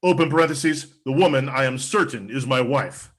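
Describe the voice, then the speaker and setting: A man doing a deadpan spoof commercial, with a dry, formal, mock-earnest delivery. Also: medium pitch, moderate pace. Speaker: comedian performing a mock ad. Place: home video stream.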